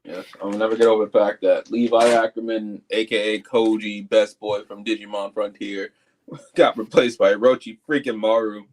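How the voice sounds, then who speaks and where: A man's voice: lowish voice, fairly even intonation, normal speed, poor audio. A man co-hosting a live fan review show, chatting casually and animatedly, jumping into quoted voices. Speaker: co-host.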